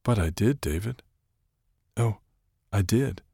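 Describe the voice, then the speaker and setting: A man voicing a soft-spoken young woman. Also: fairly low pitch, lively intonation, slow, creaky, slightly rough, no echo, clean studio sound, heavily acted. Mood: tender. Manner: quiet and hushed.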